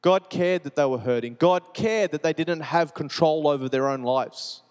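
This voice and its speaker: Casting: male pastor, earnest sermon delivery, slightly higher voice, reverberant church hall. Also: normal speed, smooth. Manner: earnest, repetitive preaching cadence, shifting between soft and urgent. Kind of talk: sermon with personal testimony. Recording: long reverb of a large hall.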